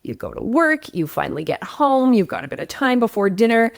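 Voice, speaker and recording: A woman hosting a relationship-advice show, talking straight to her audience in an expressive, emphatic way that often swings upward. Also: a little high, fairly quick, vocal fry, dry recording, studio quality. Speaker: relationship coach and host. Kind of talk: direct-to-camera relationship advice talk.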